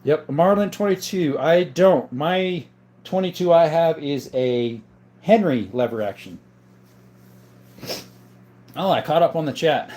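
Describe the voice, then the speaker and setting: Man from southern Arizona, livestream host, slightly high voice, reads viewer questions aloud and answers in an easygoing, chatty way. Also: measured pace, pauses often, a little mellow. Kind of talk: casual live-chat talk.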